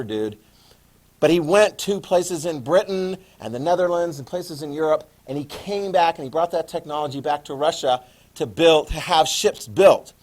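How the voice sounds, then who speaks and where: Lively, joking male history teacher. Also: fairly high pitch. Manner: lively, joking, acts out quotes. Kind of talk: classroom lecture.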